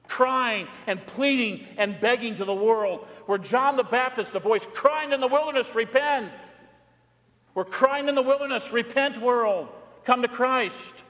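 A man pastor preaching a sermon, pleading and impassioned, swinging from loud calls to hushed low passages. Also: a little slow. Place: church sanctuary. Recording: long reverb of a large church.

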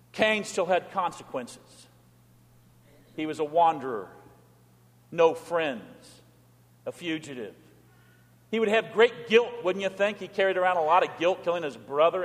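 A pastor delivers a sermon in a high, bright voice. He moves between animated emphasis and quiet, drawn-out lines. His voice rings through a church hall with long reverb. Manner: animated preaching with dramatic quiet drops.

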